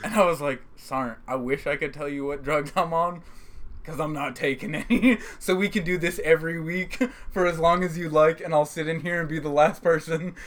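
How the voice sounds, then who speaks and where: A man in casual chat who laughs often while chiming in with his own animated story. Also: a little high, normal speed.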